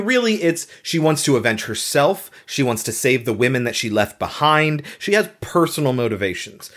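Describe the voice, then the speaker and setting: A woman co-hosting a casual podcast, recapping a movie in an emphatic, chatty way and swearing casually. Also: low voice. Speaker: podcast co-host.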